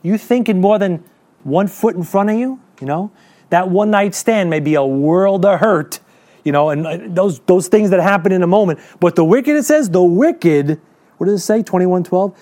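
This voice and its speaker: A man preaching a sermon to a congregation, asking rhetorical questions and reading scripture slowly and deliberately. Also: high voice, dark tone. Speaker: pastor.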